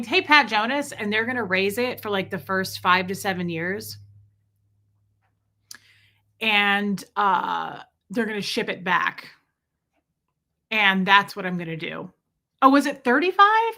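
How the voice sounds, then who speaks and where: Reading out viewer names on her casual livestream, this woman rambles through chatty side comments. She has a sharp tone in a mid-range voice.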